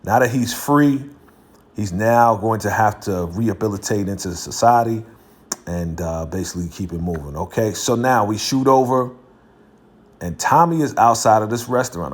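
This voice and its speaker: A man hosting his own video, recapping a TV episode in a slangy, casual way and laughing between lines. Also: on the low side. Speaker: video host reviewing a TV episode.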